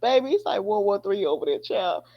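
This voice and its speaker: A woman's voice: mid-range voice, sing-song, brisk. A woman hosting a podcast, talking in a casual, profane way and laughing often. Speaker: podcast host. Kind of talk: casual commentary. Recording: dull lo-fi sound.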